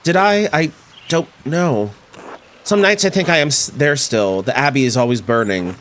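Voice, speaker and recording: A man's voice: fairly high pitch, normal speed, a bit bright, slight background noise, natural voice. Man reading a stubborn, grieving old father for a game stream, grumbly.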